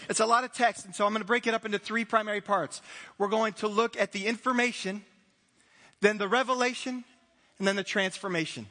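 A man preaching a sermon, telling the story in an animated way with playful asides and voiced characters. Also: sits high, brisk, long pauses, long reverb tail. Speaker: pastor.

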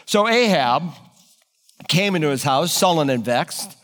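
A man preaching a sermon, retelling scripture with animated, dramatic storytelling in a church. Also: on the high side, a little slow, in a large hall. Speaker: pastor.

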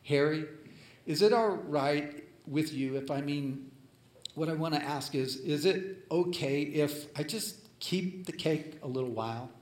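A man voicing a timid woman in her late thirties who speaks softly and haltingly. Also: a little high, animated, lightly acted. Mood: hesitant. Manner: soft, hesitant, halting. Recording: echoey room.

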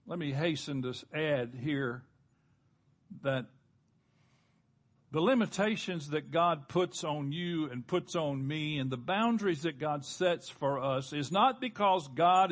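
A male pastor delivering a sermon with a slightly high voice. He preaches earnestly, stretching out key words and dropping low for emphasis, and calls on the congregation to answer back. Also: slow.

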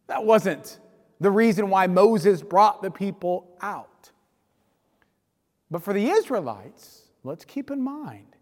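A male pastor delivers an animated sermon in a church, his voice high and wildly expressive. He tells the story with energy and sinks now and then to a near-whisper. A long hall reverb trails behind each line.

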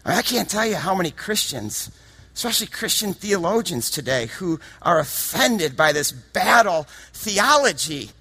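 A man preaching a sermon with passion, dropping to a hush and then rising to shouts. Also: sits high, big pitch swings, normal speed, slightly rough. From United States. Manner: impassioned, swings from hushed to shouting.

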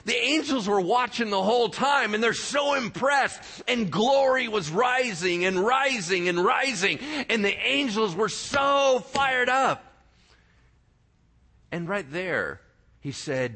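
A man preaching a sermon in a lively, joking way, often asking the congregation whether they follow him. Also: very high-pitched, a little slow. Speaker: pastor.

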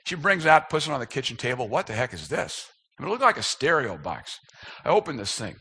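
Man in his fifties with a husky voice, self-mocking storyteller for a sermon. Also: mid-range voice, big pitch swings, fast, sharp tone. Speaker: speaker. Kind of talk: humorous personal story in a sermon.

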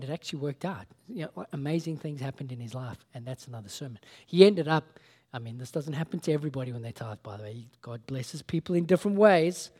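Animated preacher telling a story. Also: male voice, mid-range voice. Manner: animated storytelling, acting out conversations; casual, conversational asides. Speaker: pastor. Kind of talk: sermon.

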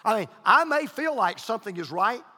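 A man's voice: high-pitched, sing-song, fairly quick, bright, forceful tone. A male pastor preaching a sermon, emphatic and repeating his key points. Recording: long hall reverb.

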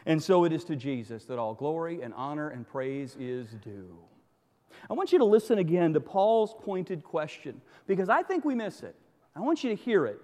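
A man's voice: fairly high pitch, sing-song, moderate pace, dark tone, long reverb tail. A man preaching a sermon as pastor, emphatic, with repeated phrases and rhetorical questions.

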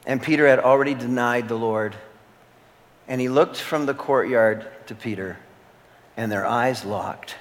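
A man preaching a sermon as a pastor. He speaks earnestly, repeats key phrases and holds long dramatic pauses. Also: mid-range voice. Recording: long hall reverb.

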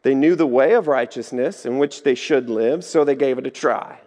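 A man preaching a sermon, telling stories in a lively way and acting out the voices in them. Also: mid-range voice, moderate pace. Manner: lively storytelling, acts out voices. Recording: echoey hall.

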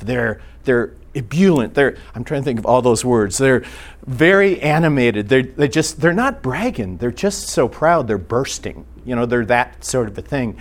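A man with a medium-pitched voice teaches a church class earnestly and haltingly, frequently restarting his sentences.

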